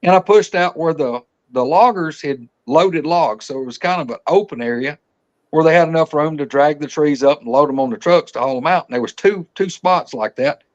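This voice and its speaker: A man's voice: fairly high pitch, brisk, highs cut off. A man telling a hunting story as a podcast guest, folksy and rambling, often restarting his sentences. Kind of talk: casual storytelling.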